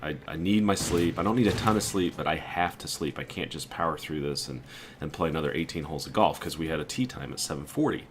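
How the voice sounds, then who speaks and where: A man's voice: rumbling low, fast talker, slight background noise. A man casually telling a story about a weekend trip, quoting his friends and sounding exasperated. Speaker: gaming video creator.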